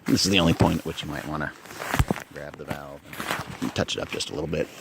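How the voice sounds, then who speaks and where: Deep gravelly guy showing off gear in his tent, chatty, phone mic, lots of noise behind. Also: steady tone, fast talker. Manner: chatty, folksy, thinking aloud. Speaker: outdoor gear reviewer. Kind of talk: casual gear demo. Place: inside a small tent outdoors. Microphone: phone held in hand.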